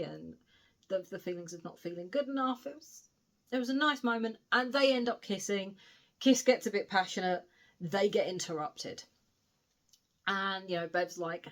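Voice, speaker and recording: A woman's voice: lowish voice, normal speed. A woman giving a casual spoken book review, recounting the plot in a chatty way with frequent asides.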